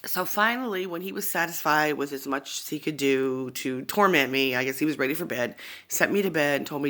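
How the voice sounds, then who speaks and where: A woman speaking into her phone, telling a personal story in a halting, rambling way that keeps wandering off into asides. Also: low-pitched, fairly bright tone. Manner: halting, rambling, often digressing. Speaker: vlogger sharing a personal testimony.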